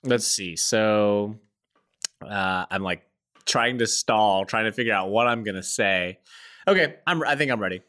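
A man with a fairly low voice, chatting casually on a podcast. He is animated and playful and pokes fun at himself as he riffs on ideas. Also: unhurried. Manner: animated, playful, self-mocking. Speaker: podcast co-host. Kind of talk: casual chat.

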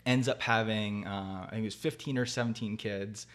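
Man, fairly low voice, guest on a chat podcast, rambling storyteller with fillers. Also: fairly even intonation, moderate pace, a bit bright. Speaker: whisky company founder, guest. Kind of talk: casual podcast interview.

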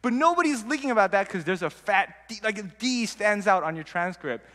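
A young man telling a casual personal story, animated and acting out the people in it. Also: high voice, brisk. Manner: animated, acts out quoted dialogue. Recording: long reverb.

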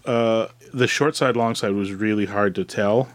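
A man's voice: on the low side, normal speed, no room sound. A man co-hosting a podcast, chatting casually and rambling with many fillers while he builds something. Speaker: podcast co-host.

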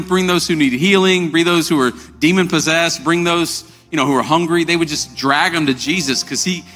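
A man preaching a sermon as pastor, conversational and calling the congregation y'all, with his voice climbing high and emphatic as he retells stories. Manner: rising to an excited, emphatic pitch when retelling stories. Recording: long hall reverb with faint music.

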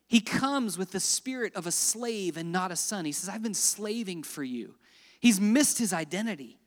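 A man preaching a sermon, swinging dramatically between loud emphatic lines and hushed, quiet ones. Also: high voice, animated, normal speed, big-room sound. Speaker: pastor.

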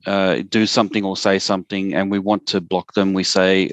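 Man, podcast host, low voice, dry close sound, rambling and chatty. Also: level tone, moderate pace, dry recording. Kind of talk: casual sports podcast chat.

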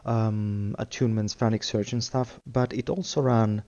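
A man with a low, mellow voice chats as a podcast guest, hesitating often and filling pauses with fillers. The sound is dull and lo-fi. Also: steady tone. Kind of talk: casual chat.

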